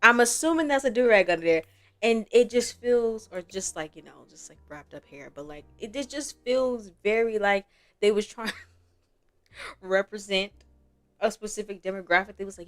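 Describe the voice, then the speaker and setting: A woman's voice: mid-range voice, moderate pace. A young woman giving casual gameplay commentary as a gaming creator, chatty and rambling, laughing often.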